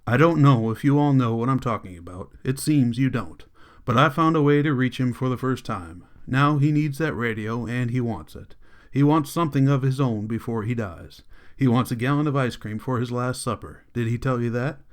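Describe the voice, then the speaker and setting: A man's voice: medium pitch, normal speed, lightly acted. A frustrated young schoolteacher who defends himself earnestly and with passion, read by a man. He pushes back firmly against his elders. It is an audiobook reading of a novel. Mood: defiant. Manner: earnest, impassioned arguing.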